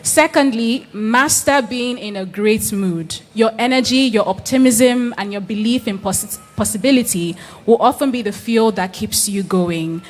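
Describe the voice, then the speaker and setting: Woman reading out a thank-you note for someone else, chatty and a bit self-mocking. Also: a little high. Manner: chatty, self-deprecating, reads with pauses and fillers. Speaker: representative accepting an award for someone. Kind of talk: reading a message aloud.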